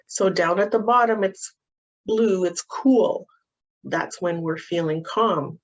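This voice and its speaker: Slow, gentle woman educator. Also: fairly low pitch. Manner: slow, gentle and patient, with frequent ums. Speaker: early childhood practitioner. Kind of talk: instructional walkthrough of a calming activity. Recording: dull, muffled audio.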